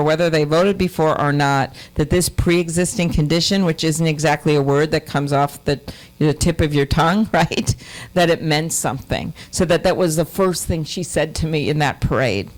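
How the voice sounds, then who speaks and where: A woman's voice: low voice, a little mellow, low-quality recording. A middle-aged woman giving a campaign speech in a hotel conference room, telling personal stories in a folksy, earnest way. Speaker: presidential candidate speaker.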